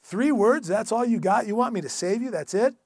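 A man's voice: sits high, lively intonation, a little fast, darkish tone, no room sound. A pastor putting on a sarcastic, incredulous man who mocks a short prayer in a sermon. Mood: mocking. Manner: mocking, incredulous.

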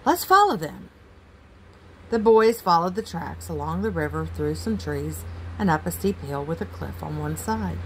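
A woman reading a children's picture book aloud in a gentle, expressive way. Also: deep voice, moderate pace, a little hiss or hum, rough recording. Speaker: storybook reader.

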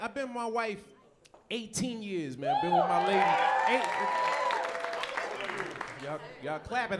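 A man in his forties from the United States doing an animated stand-up set on a comedy club stage. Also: high-pitched. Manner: animated storytelling, slips into voices. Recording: live club with audience laughter.

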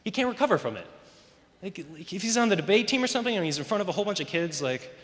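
Bright-voiced teen boy doing stand-up. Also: high voice, sing-song, very fast. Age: teens. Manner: rambling, self-mocking, lots of "you know". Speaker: stand-up comedian at a school talent show. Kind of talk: stand-up comedy. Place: large school auditorium stage. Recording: echoey hall.

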